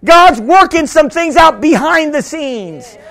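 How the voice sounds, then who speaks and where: A man preaching a sermon as pastor, with sudden shouts and many repeated words. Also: very high voice, lively intonation, takes it slowly, creaky.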